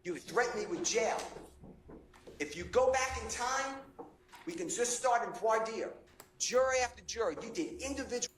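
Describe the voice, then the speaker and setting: A man's voice: very high voice, animated, moderate pace, a bit bright. A man in his fifties, a defense attorney, arguing before a judge in an impassioned, indignant and pleading way. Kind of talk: courtroom argument. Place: courtroom. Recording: echoey courtroom recording, faint noise.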